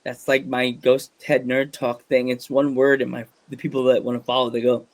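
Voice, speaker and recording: A man's voice: mid-range voice, moderate pace. A man hosting a podcast, chatting casually and rambling with jokes and laughter. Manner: rambling, joking, laughs often, animated voices in quotes. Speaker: podcast host. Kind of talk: casual interview chat.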